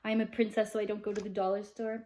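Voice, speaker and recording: A woman's voice: medium pitch, flat delivery, racing, dark tone, lightly acted. A woman voicing a pampered, haughty princess in a put-on accent, in a casual home vlog. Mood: grand. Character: pampered self-styled princess, adult woman.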